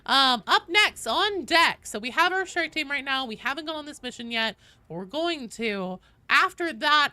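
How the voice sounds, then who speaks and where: Her voice a little high, animated, bright and forceful at a normal pace, a young woman chats with her stream and her cat while gaming in her home office with the door closed. She also reads out the queue, and the recording is dry.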